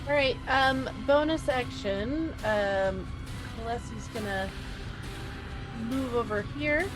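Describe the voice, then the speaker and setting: A woman's voice: fairly high pitch, over music, low-quality recording. A woman playing a tabletop game, hesitantly describing her character's actions. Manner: slow, hesitant, with small laughs. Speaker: player. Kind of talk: tabletop game play over voice chat.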